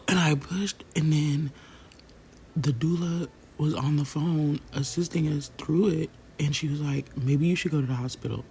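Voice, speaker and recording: A young woman vlogger who tells a personal story in a casual, animated way, swearing freely and talking straight to her viewers. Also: very deep voice, vocal fry, slight background noise. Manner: animated, swears freely, acts out quotes, talks to viewers directly.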